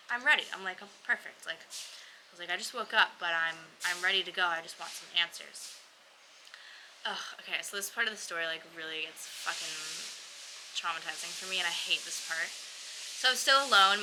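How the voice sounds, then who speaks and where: Young woman vlogger, very bright and forward voice, loose chatty storytelling full of filler and swearing. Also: medium pitch, slight background noise, low-quality recording. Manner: chatty, heavy use of "like", frequent swearing. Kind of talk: casual storytelling to camera.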